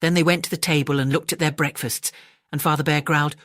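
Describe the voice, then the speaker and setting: A woman with an English accent reads a bedtime story in a gentle, measured way. Her voice sits low, and the recording is dry and close. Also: fairly even intonation, no room sound. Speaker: audiobook narrator.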